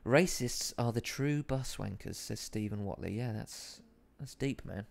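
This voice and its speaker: A man's voice: medium pitch, unhurried, gravelly. A man in his thirties with an Essex accent, casually chatting while streaming a game, reading viewer comments aloud, swearing and mocking his own play. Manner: reads chat aloud while playing, swears, self-deprecating. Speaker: live streamer. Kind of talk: casual gaming stream chat.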